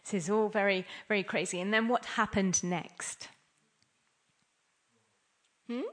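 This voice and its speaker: A woman's voice: medium pitch, fairly even intonation, a little slow. A woman giving an interactive scripture class, playful and laughing often as she quizzes her listeners. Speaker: class speaker.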